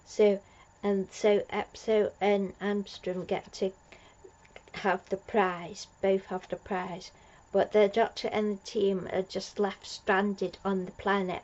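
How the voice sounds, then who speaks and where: A woman's voice: mid-range voice, darkish tone, lo-fi sound. A woman recapping an episode as a fan reviewer, gushing and rambling with lots of fillers and restarts.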